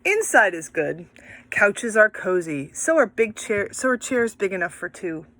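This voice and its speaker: A woman teaching children how to read aloud with a buddy, in an animated, sing-song and encouraging way. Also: mid-range voice, unhurried. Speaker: reading teacher.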